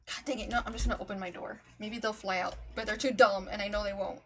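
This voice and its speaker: A woman's voice: mid-range voice, steady tone, quick pace, few pauses, a bit bright. A woman streamer chatting casually while reacting to videos, rambling and laughing often, and talking to her cat.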